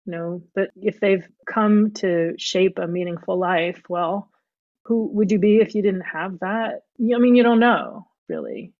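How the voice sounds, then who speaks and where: A woman's voice: mid-range voice, lively intonation, unhurried, darkish tone, dry recording, highs cut off. A woman speaking as a guest, thinking aloud carefully and often restarting her sentences. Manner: thoughtful, searching, frequent restarts. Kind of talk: reflective conversation.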